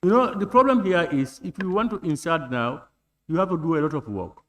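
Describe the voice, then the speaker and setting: A man chairing a parliamentary committee, reading clauses deliberately and putting questions to the vote. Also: a little high, animated, a bit bright. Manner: deliberate, reads clauses slowly and puts questions. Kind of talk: formal procedural chairing. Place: legislative chamber.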